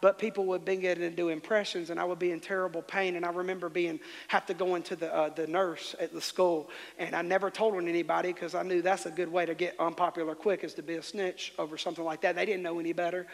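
A man's voice: high voice, flat delivery, quick pace, creaky, hardly any pauses, in a large hall. A man preaching a sermon as pastor, fervently telling the congregation how to respond. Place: church sanctuary.

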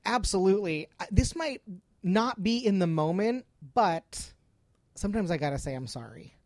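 A woman's voice: medium pitch, moderate pace, darkish tone, no echo. A woman speaking on a podcast in an earnest, emphatic way, often repeating herself. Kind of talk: casual podcast chat.

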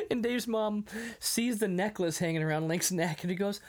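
A man's voice: sits high, unhurried. A man co-hosting a casual podcast, recapping a movie with lots of laughter and acted-out lines. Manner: animated, acts out movie lines, laughs often. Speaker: podcast co-host.

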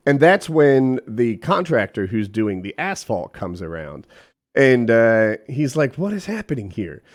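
A middle-aged man tells a story in easy, casual chat. His voice rises and falls a lot as he acts out what people said, and he swears freely. He sits at a middle pitch and talks the way a podcast host does. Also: measured pace. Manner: animated, profane, quotes people in voices.

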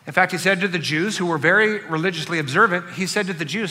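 A man preaching a sermon in a conversational, animated way, acting out quotes in other voices. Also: sits high, fast talker, long reverb tail. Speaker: pastor.

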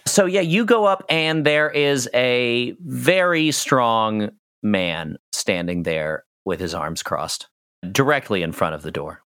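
A man narrating a tabletop game as game master in a relaxed, chatty way. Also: mid-range voice, slow, smooth, no room sound.

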